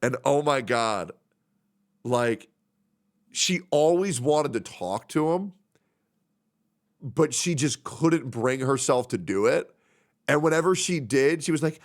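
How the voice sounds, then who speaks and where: A man's voice: medium pitch, animated, takes it slowly, long pauses. A man streaming live who rambles, swears freely and gets openly emotional while reading out messages from friends. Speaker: livestreamer. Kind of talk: casual stream chat.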